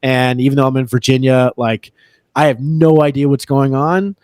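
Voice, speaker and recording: A man, a real estate agent, telling an animated story on a podcast, acting out the other people's lines and laughing as he goes. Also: mid-range voice, normal speed, no echo. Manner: animated, acts out quoted dialogue, laughs between lines. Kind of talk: casual storytelling.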